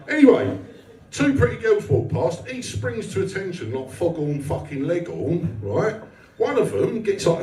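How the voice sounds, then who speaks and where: A man's voice: on the high side, darkish tone. A British man in his forties doing live stand-up on a club stage, telling a crude story full of swearing. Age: 40s. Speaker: stand-up comedian. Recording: echoey club from far off. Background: laughing crowd.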